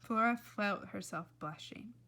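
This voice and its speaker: A woman reading a children's novel aloud in a lively, expressive way. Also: mid-range voice, unhurried. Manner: lively and expressive, laughs between passages. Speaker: reader.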